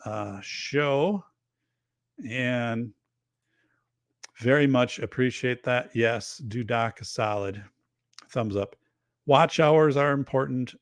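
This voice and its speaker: In a mid-range voice, a show host runs a casual livestream, chatting loosely, rambling, and reading viewer comments aloud. The recording is dry, with clean studio sound.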